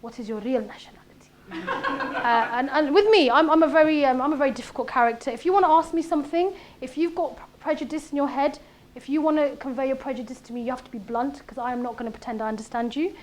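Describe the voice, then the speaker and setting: High-pitched woman, 30s, comedic speaker, animated storytelling with faint background noise. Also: quick pace. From Britain. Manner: punchy, animated delivery with quoted voices. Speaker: comedian giving a talk. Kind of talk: conversational talk with comic stand-up bits. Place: event room.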